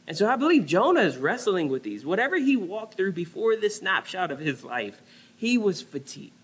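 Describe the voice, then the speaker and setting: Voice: medium pitch, big pitch swings, moderate pace, breathy edge. A pastor preaching a conversational sermon, often dropping to a near-whisper on key words.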